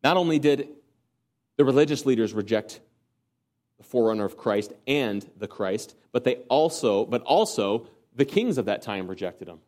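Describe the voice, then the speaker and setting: A man preaching a sermon, earnest, asking rhetorical questions and swinging from emphatic peaks to quiet low passages. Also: expressive, normal speed. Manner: asks the congregation rhetorical questions.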